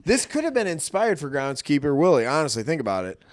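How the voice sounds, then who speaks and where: A man co-hosting a movie review podcast, teasing the others with quick interjections. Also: fairly high pitch, sing-song, no room sound, studio quality. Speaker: podcast co-host. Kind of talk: casual chat, movie review.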